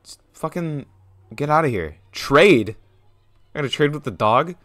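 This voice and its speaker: A young man streaming a game, giving casual running commentary that jumps between muttered asides and loud yelps. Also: medium pitch, normal speed, pauses often, no room sound, studio quality, soft background music. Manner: excitable, swings from mumbling asides to loud yelps and laughter. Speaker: gaming streamer. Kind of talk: casual let's-play commentary.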